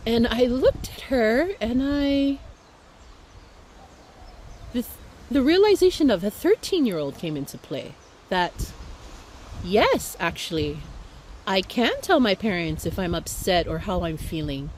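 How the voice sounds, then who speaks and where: A woman's voice: medium pitch, big pitch swings, a little mellow, a little hiss or hum, poor audio. A woman from Hawaii speaking in a heartfelt, reflective way, telling a personal story as a speaker in an online talk. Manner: heartfelt, reflective, unhurried with fillers.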